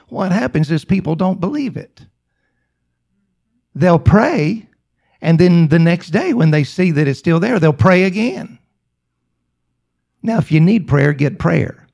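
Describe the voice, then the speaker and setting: Male preacher, sermon storyteller, somewhat high pitch, gravelly, emphatic and repetitive. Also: expressive, darkish tone. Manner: slow, emphatic, repetitive phrasing.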